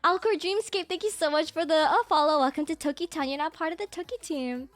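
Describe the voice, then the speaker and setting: A young adult woman from the United States streams casual chat in a high voice, talking fast, giggling a lot, and mimicking her parents' exclamations. Faint music plays behind her.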